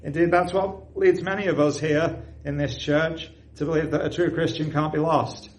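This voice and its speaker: A man preaching a sermon, telling a story and rising to loud, excited emphasis. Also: a little high, moderate pace, low-quality recording.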